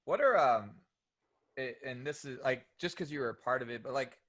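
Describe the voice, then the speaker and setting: A man's voice: medium pitch, animated, fairly bright tone. A man hosting a podcast, asking questions in casual chat and chiming in eagerly. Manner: eager, chimes in with quick affirmations. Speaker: podcast host.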